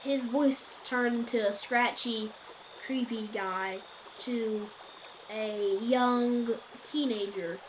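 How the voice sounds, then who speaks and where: Woman, casual storytelling, rambling, corrects herself, fairly high voice. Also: fairly even intonation, very slow, a little hiss or hum.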